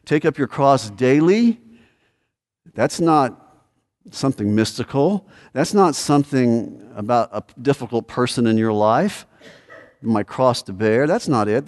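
A man's voice: mid-range voice, animated, a little slow, darkish tone. A man preaching a sermon as a pastor, earnest and repetitive, rising to sudden emphatic peaks. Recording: long hall reverb.

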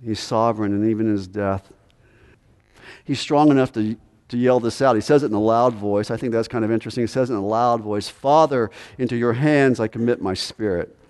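Male pastor, emphatic sermon delivery, hushed to loud, long hall reverb. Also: lowish voice, fairly even intonation, quick pace, clean tone.

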